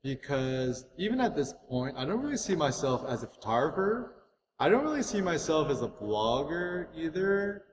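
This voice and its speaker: A man's voice: a little high, big pitch swings, normal speed. An American man answering interview questions in a casual, enthusiastic and reflective way. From United States. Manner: enthusiastic, reflective, many "like" fillers. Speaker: guest photographer. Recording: echoey room with faint noise.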